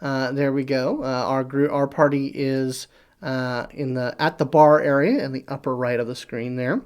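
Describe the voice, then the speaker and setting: A man's voice: medium pitch, steady tone, normal speed, darkish tone, clean tone. A man running a tabletop game as game master, narrating hesitantly with many filler sounds.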